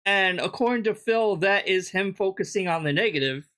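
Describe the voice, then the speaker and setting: A streamer comments on clips in a sarcastic, mocking tone. The voice is mid-pitched, and the commentary swears freely. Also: normal speed, few pauses, a bit bright, smooth.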